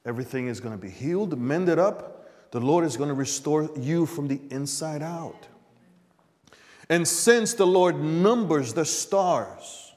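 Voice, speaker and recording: A male pastor delivers a sermon in a fairly high voice, taking his time over each phrase. He calls to the congregation for an amen. The sanctuary rings with a long reverb. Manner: preaching with call-and-response "Amen?". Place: church sanctuary.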